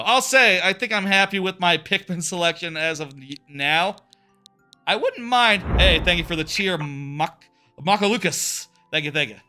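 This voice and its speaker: A male streamer talking loosely over his gameplay, with a very bright, forceful edge to a somewhat high voice. His tone is smooth and clean. He chats casually and answers his viewers between levels. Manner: chatty, answers viewer chat between plays. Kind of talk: casual live-stream chat while gaming.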